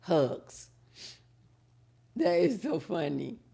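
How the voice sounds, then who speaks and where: Her voice lowish, creaky, and husky, a middle-aged woman hosts a casual live chat. She reads viewer comments out loud and spins animated stories, drawing out her words.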